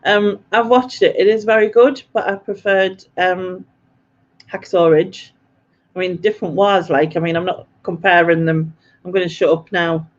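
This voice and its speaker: A woman's voice: on the low side, steady tone, moderate pace, dull audio. A woman hosting a live quiz stream, chatty and self-mocking, laughing often as she reads out viewer comments. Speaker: quiz host.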